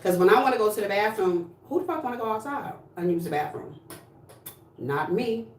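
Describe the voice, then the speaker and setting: Blunt, sassy woman livestreaming, mid-pitched, standing back from the mic in an echoey room. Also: expressive, brisk, distant mic. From New Jersey. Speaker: livestream host. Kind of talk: casual livestream chat. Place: home room, indoors.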